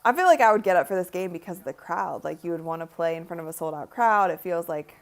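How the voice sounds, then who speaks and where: Fast and animated, a young woman with a fairly low voice hosts a livestream, giving chatty live commentary at a watch party. She's clearly tired, yawning now and then, with plenty of "like" and "honestly" in her speech.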